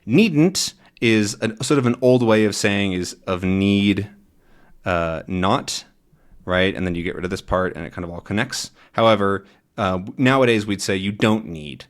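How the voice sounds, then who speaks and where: A man teaching English by reading a comic aloud and explaining it in a relaxed, chatty way with frequent fillers. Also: fairly low pitch, unhurried.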